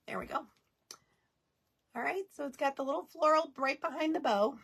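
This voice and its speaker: Woman, high-pitched, folksy, chatty, live craft tutorial host. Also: normal speed, gravelly, a bit bright. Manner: chatty, folksy, talks to viewers and pets; baby talk to her dogs.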